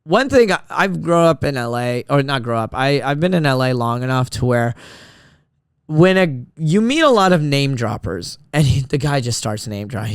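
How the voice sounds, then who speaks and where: A man in his thirties tells a long, rambling story on his solo podcast, circling back and restarting as he goes. His voice is smooth and clear, and the studio sound is dry and close. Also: mid-range voice, moderate pace, no room sound. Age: 30s. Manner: rambling, animated storyteller with many restarts and fillers. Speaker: podcast host.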